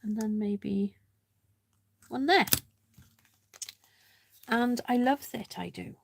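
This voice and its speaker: A woman's voice: on the high side, takes it slowly, gravelly, pauses often. A woman hosting a live card-making demonstration, chatting and thinking aloud as she works, poking fun at herself and greeting viewers by name. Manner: chatty, self-mocking, thinks aloud while working. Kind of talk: casual live craft demonstration.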